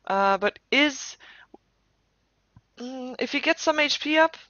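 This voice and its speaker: A woman's voice: high-pitched, animated, slow, a bit bright, no echo. A woman giving live game commentary as caster, thinking aloud with playful asides and frequent restarts. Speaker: esports caster. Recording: dull lo-fi recording.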